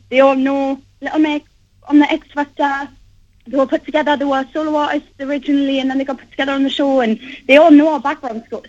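A bubbly, giggly woman chats as a guest singer. Her voice is high and bright in pitch. The sound is dull and lo-fi, like a phone-in line. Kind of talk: casual interview chat.

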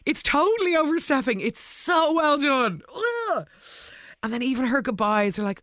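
A host giving a casual, gushing recap of the week's soap episodes, with quick asides and excited reactions. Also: high-pitched, no echo.

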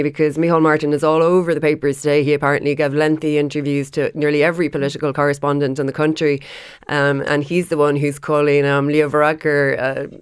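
A woman giving crisp, pointed political analysis on a radio panel. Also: low-pitched, dry recording, studio quality. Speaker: political commentator.

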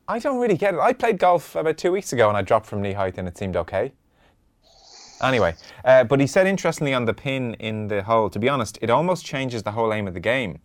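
A man's voice: mid-range voice, big pitch swings, fast, no echo. A man co-hosting a podcast in casual chat, wry and conversational as he steers the talk along. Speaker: podcast co-host.

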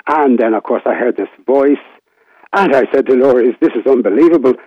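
A man's voice: medium pitch, normal speed, no room sound. Man, sixties, Limerick Irish accent, rambling reminiscence, restarts, phone-line sound. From Ireland. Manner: chatty, rambling, many restarts and fillers. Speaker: radio broadcaster, phone guest. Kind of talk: casual reminiscing interview. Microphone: telephone.

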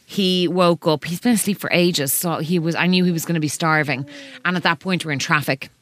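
In a radio studio, an Irish woman in her thirties co-hosts a podcast, telling a story in casual chat while repeatedly stopping and restarting herself. Her voice is lowish and fairly quick.

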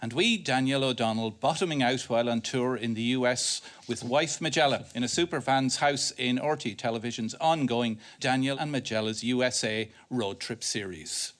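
A man's voice: medium pitch, moderate pace, few pauses, fairly bright tone. An Irish man hosting a comedy panel show, delivering wry scripted links and teasing the panel. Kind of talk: scripted quips between banter.

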